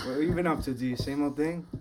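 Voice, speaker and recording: A man's voice: fairly high pitch, darkish tone. A man hosting a podcast, teasing a guest in casual chat at a family holiday gathering. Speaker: podcast host.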